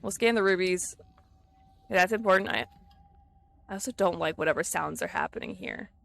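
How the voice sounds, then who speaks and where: A woman streams a video game, chatting casually with viewers, laughing easily and getting distracted, a chatty, giggly native English speaker. Her voice is fairly low, creaky and a bit bright, at a normal speed.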